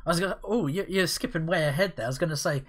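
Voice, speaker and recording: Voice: medium pitch, racing. A podcast co-host chatting casually, laughing often and rambling through stories. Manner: giggly, rambling. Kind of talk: casual chat.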